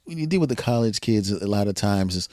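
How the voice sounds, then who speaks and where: A man's voice: lowish voice, expressive, brisk, darkish tone, no room sound, clean studio sound. A man hosting a podcast in casual chat, rambling and laughing often as he acts out quoted voices. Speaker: podcast host.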